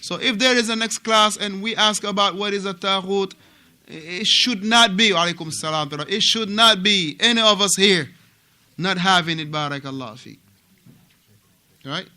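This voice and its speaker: A man from Africa teaching a religious class at a mosque, animated and repetitive, often asking his students questions. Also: high voice, moderate pace. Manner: animated, repeats words and asks students questions.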